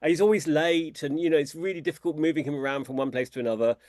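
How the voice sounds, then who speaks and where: A British man, an author guest in an interview, who tells lively anecdotes and talks in a chatty, conversational way. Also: racing, no echo, studio quality. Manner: animated storyteller, imitates people in a high voice.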